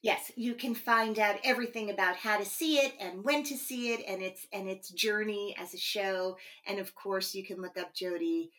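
A woman hosts an interview podcast. She heaps praise on her guest, with soft fillers as she goes. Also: medium pitch, normal speed, hardly any pauses. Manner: effusive, warm praise with fillers. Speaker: podcast host.

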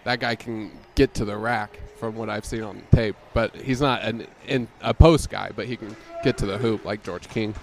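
A man's voice: fairly low pitch, fairly even intonation, normal speed, hardly any pauses, soft background music. A man co-hosting a sports podcast, talking through players in casual chat with dry short remarks. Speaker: podcast co-host.

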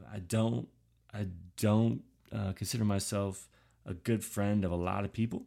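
A man's voice: on the low side, vocal fry, darkish tone. A man hosting a podcast, talking through a casual, rambling monologue full of fillers and restarts, self-deprecating. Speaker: podcast host.

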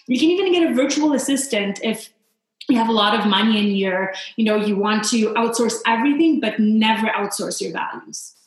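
Her voice is fairly high, animated and a little fast as this Polish guest, a founder and coach for mothers, shares personal stories on a podcast. The interview is heartfelt, her tone earnest and reflective, and the room is very echoey.

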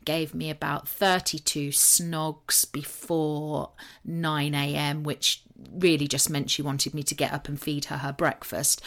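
A woman's voice: deep voice, gravelly, a bit bright. A British woman hosting a solo podcast, telling stories in a chatty, self-mocking way. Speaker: podcast host. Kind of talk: casual solo podcast talk.

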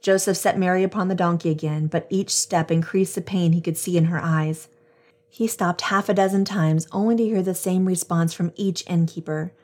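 A woman's voice: fairly low pitch, fairly even intonation, normal speed, a little mellow. A woman hosting a devotional podcast, reading scripture and reflecting earnestly, addressing listeners as friends.

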